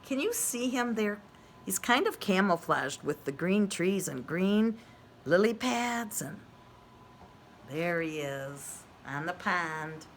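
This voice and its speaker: A woman's voice: lowish voice, expressive, slight background noise. A woman who is a preschool teacher, reading a picture book aloud to young children and asking them questions. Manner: gentle, slow and questioning, speaking to little kids.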